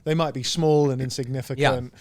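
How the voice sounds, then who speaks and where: A man hosting a podcast in a mid-pitched voice, agreeing with his guest and summing up each point as they talk. He laughs easily and keeps the chat relaxed. The recording is close and dry. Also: fairly quick, dry recording. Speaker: podcast host. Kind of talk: casual podcast conversation.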